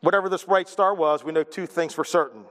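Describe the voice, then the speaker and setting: A man's voice: on the high side, fairly quick, fairly bright tone, big-room sound. A man preaching a sermon, joking and poking fun at himself between points. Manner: joking, self-deprecating asides. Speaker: pastor.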